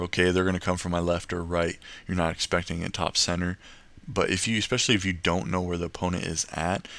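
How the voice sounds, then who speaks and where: Low gravelly young man coaching gameplay. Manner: relaxed, rambling, full of fillers and restarts. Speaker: gameplay commentator. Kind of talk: casual gameplay commentary with tips.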